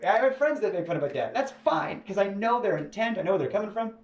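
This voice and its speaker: A man telling a personal story as an interview guest, full of stammered restarts and sudden jumps into a high, animated voice. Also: quick pace, lo-fi sound. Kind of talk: casual storytelling. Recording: echoey room with faint ambience.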